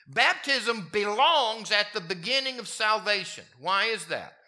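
A man preaching a sermon, his voice moving from quiet, low passages up to emphatic, raised peaks. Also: sing-song, a little slow. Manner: wide swings in pitch and loudness, rising to emphatic peaks. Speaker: pastor.

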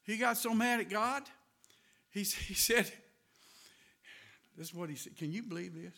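High bright-voiced preacher, quiet to shouting. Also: male voice, normal speed, gravelly, long pauses. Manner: swings from quiet asides to loud shouting, laughs often. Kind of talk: sermon.

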